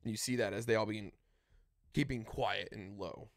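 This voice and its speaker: A man narrating a tabletop game as dungeon master, describing scenes with lively swings in loudness. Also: on the low side, normal speed, creaky, no room sound, studio quality.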